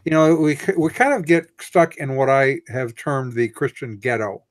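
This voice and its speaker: A man hosting a casual chat, often halting and repeating words as he starts a thought. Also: mid-range voice. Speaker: host.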